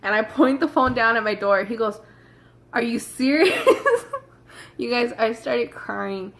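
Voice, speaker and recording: A young woman telling a storytime vlog in a chatty, rushed way, talking straight to her viewers. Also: fairly high pitch, fairly bright tone. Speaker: vlogger.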